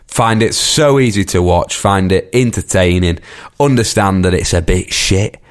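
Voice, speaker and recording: A man's voice: low-pitched, measured pace. A man co-hosting a casual film review chat, rambling and repeating words as he goes. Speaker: podcast co-host.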